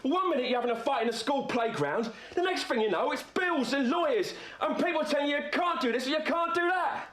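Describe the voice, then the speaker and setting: A man telling a comic first-person story in a rambling, deadpan, confiding way. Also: very high-pitched, fairly quick, hardly any pauses.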